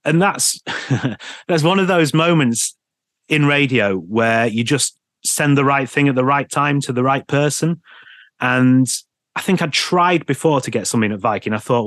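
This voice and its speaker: A man from England, a radio presenter, telling lively anecdotes in a casual podcast interview and laughing often. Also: medium pitch, unhurried, dry recording.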